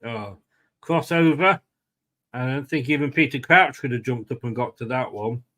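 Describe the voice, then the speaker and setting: A man's voice: medium pitch, normal speed, a bit bright. A man hosting a casual live watchalong, commenting on play and chatting with viewers by name. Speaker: fan channel host.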